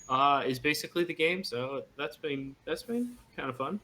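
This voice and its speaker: A man's voice: on the high side, expressive, moderate pace, few pauses, sharp tone. Laid-back joking male player, faint hiss. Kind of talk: casual chat.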